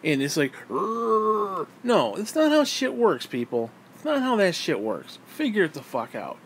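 A man's voice: fairly high pitch, wildly swooping pitch, moderate pace, a little hiss or hum. A man giving a heated, exasperated political rant to camera, swearing freely. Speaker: vlogger.

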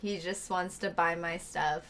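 A woman's voice: lowish voice, steady tone, measured pace, a bit bright. A woman streaming a video game, chatting casually, muttering asides and shooing a pet away. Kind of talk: casual gameplay chat.

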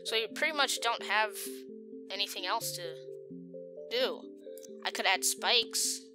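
A woman giving chatty, excitable commentary while playing a video game, often talking to the creatures on screen. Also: medium pitch, unhurried, over music. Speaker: gamer. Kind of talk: let's play gameplay commentary.

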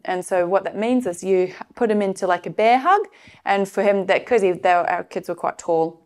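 A woman's voice: mid-range voice, darkish tone, clean tone. A middle-aged woman giving a personal, confessional teaching talk, with many fillers and restarts. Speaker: course presenter sharing a personal case study.

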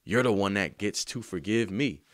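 A man telling an emotional story about writing a song, earnest and slangy, sometimes softly singing lines. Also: fairly low pitch, normal speed, no echo. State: choked up. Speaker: songwriter. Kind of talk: heartfelt spoken testimony.

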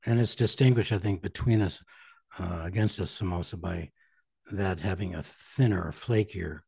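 Male host, measured and explaining, really deep husky voice, dry sound. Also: mellow, no echo. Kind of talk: podcast interview.

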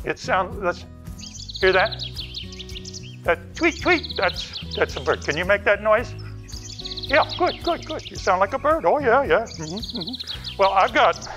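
A bumbling forest ranger, played by a man in a kids' church video skit, rambling along with endless yeahs and uh-huhs. His voice sits high and swoops up and down. There is light music behind him. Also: fairly bright tone, lo-fi sound, heavily acted. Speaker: children's ministry character.

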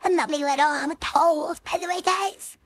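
A woman voicing a tall young wolf girl who keeps hiccupping, speaking in a squeaky, flustered, halting way in an audio role-play. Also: fairly even intonation, slight background noise, lightly acted. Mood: frustrated whiny. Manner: flustered, pleading, halting speech. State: hiccupping constantly.

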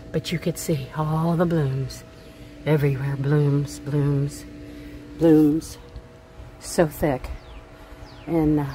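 A woman's voice: sits low, a little mellow, a little hiss or hum. Blunt, profane woman venting in her garden. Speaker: vlogger. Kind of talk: casual gardening vlog. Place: outdoors in a backyard garden. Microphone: handheld phone camera.

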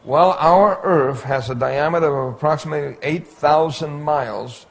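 A man giving an illustrated Bible lecture, pointing out details on slides in a slow, deliberate way. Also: fairly high pitch, creaky. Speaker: Bible teacher.

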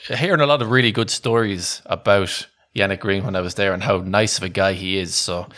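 A man's voice: low voice, a little fast, fairly bright tone. A man co-hosting a podcast, telling a long anecdote in a casual, rambling way, often restarting sentences and laughing. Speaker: podcast co-host.

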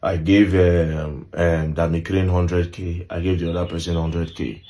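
Man, Nigerian accent, young adult, very low-pitched, casual storytelling monologue, Pidgin-English mix. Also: flat delivery, unhurried, dark tone. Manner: mixes Pidgin and English, repeats "you understand?". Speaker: social media commentator.

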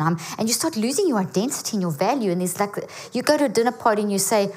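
A woman giving an energetic teaching talk to a church audience, often checking in with her listeners. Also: a little high, very fast, few pauses. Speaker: guest speaker. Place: church auditorium.

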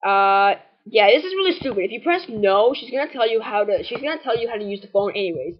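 Fast, husky, and expressive at a medium pitch, a woman offers offhand let's-play commentary over a game walkthrough. Her talk is rambling and sardonic, thick with "like" and "anyways," and the audio is lo-fi.

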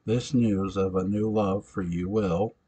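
A man's voice: low-pitched, fairly even intonation, measured pace, warm tone, breathy edge. A man reading the part of a jealous, enraged male vampire in an amateur audiobook, with a snarling, menacing delivery.

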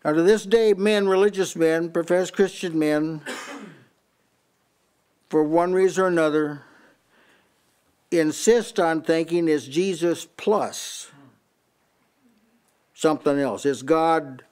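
A man's voice: a little high, fairly even intonation, takes it slowly, pauses often, a little mellow, clean tone. Older man preaching a house-church sermon. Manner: repeats words as he restarts, reads and compares many translations. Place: small house church meeting.

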